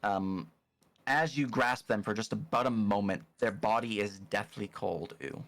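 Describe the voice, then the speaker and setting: A man's voice: on the low side, measured pace, fairly bright tone. A man narrating a tabletop game as game master, casual and hesitant, with many fillers and restarts.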